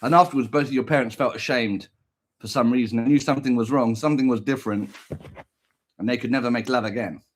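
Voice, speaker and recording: A man's voice: medium pitch, fairly even intonation, fast talker, slight background noise. A man delivering a comic, mocking rant, giggling often and jumping between silly voices. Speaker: streamer.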